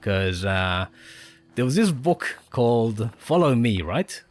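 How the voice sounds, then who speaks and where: A man's voice: medium pitch, sing-song, slow pace. A man streaming a game, chatting casually with a mixed Spanish and Australian accent, a native Spanish speaker who rambles and chuckles often. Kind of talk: casual live-stream chat. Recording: faint game music behind.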